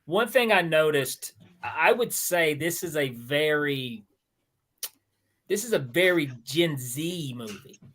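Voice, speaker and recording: A man's voice: fairly high pitch, animated, slow, fairly bright tone. A man who is a guest comedian making wry, jokey remarks in a casual movie discussion. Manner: wry, jokey, loose asides.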